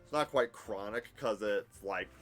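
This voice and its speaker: A man's voice: fairly low pitch, unhurried, a bit bright, faint music behind. A man in his thirties live-streaming a game, chatting candidly and rambling from one thing to the next. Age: 30s. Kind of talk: casual live-stream chat and game narration. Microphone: headphones with desk mic.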